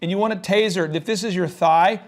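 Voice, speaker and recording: A man's voice: high voice, a little fast. A man co-hosting a business podcast, giving comic trade show advice and acting out mock scenarios. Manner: animated, acts out mock voices and scenarios. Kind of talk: comedic business advice chat.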